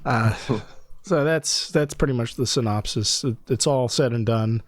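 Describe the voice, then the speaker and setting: A man's voice: medium pitch, measured pace, dry recording. Male podcast host, indignant and profane storyteller, dry bedroom-studio sound. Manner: exasperated, swearing, often breaks into disbelieving laughter. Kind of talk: casual podcast chat.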